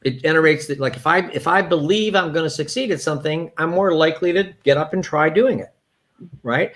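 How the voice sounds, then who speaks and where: A man's voice: fairly high pitch, brisk, fairly bright tone. A man, a yoga therapist, chatting candidly as an interview guest with many restarts. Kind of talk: casual conversational interview.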